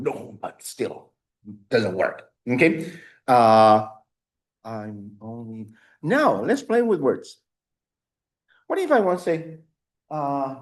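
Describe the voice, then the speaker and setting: A man's voice: medium pitch, expressive, slow, long pauses. A man teaching an adult language class as the teacher. He is patient, and he stops often to repeat himself and confirm answers. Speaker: Spanish teacher. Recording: echoey room sound.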